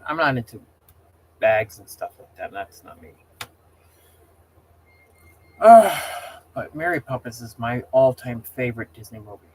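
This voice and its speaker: Male streamer, casual chat, mid-range pitch, rambling, easily exasperated. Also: lively intonation, a little slow, long pauses, darkish tone, a little hiss or hum. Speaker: livestream host.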